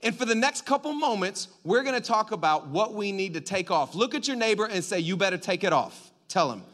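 A man preaching a sermon in a lively, joking way, getting the congregation to call back to him. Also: high-pitched, brisk. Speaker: pastor.

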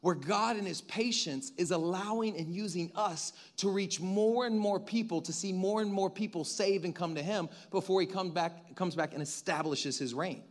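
High-voiced preacher with joking asides. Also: male voice. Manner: conversational, with joking asides to the congregation. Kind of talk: sermon.

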